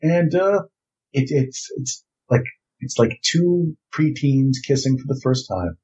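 A man's voice: medium pitch, slow pace, darkish tone. A man co-hosting a podcast, talking casually with lots of fillers and wry jokes. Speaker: podcast co-host. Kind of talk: casual hobby chat. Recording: slightly dull lo-fi mic.

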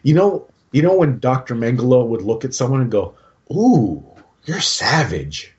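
A man talks casually with a warm, mellow tone, circling back and restarting his sentences as he explains his picks. The recording is dull and slightly muffled. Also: mid-range voice, lively intonation, brisk. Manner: rambling, lots of restarts and fillers. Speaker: podcast co-host talking through his game army. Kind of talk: casual chat.

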